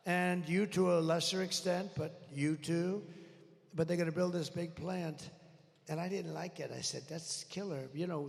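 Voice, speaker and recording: At a large rally venue, a political speaker with a gravelly, fairly high-pitched voice delivers an unscripted speech into a podium microphone. He rambles and boasts, angrily complaining about the mic. The arena sounds echoey, with a faint crowd in the background.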